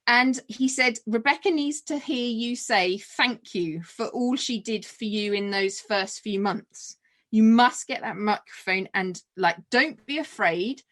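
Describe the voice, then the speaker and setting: A middle-aged woman telling a personal story in casual chat, full of fillers and restarts. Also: medium pitch. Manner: chatty, animated, many fillers and restarts. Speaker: podcast guest.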